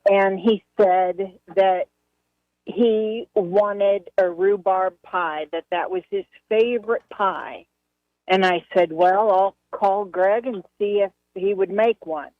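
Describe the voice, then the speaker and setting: A woman calling into a radio show, chatting politely and warmly over the phone. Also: mid-range voice, takes it slowly, dry recording. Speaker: caller. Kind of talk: phone-in chat. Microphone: telephone. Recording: dull phone-line sound.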